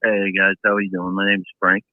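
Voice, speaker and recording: A man's voice: low voice, monotone, brisk, no room sound. A man calling in to a sports podcast, chatty and hedging as he builds his point. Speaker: caller. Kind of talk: call-in sports talk. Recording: tinny phone line.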